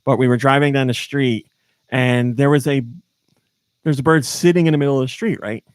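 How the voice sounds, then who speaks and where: A man's voice: medium pitch, a little fast, no echo. Man hosting a podcast, close dry mic. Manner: animated storyteller, laughs often. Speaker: podcast host. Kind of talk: casual chat.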